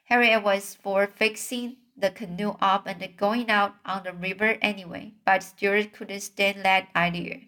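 Slow, hesitant woman reading a storybook. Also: mid-range voice, flat delivery, fairly bright tone. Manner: hesitant, many fillers when commenting. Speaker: reader.

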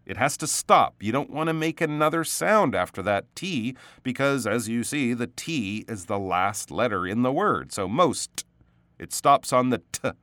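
A man teaching English pronunciation in a casual spoken lesson, patiently explaining words and repeating them slowly. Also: mid-range voice, lively intonation, fairly bright tone, no echo.

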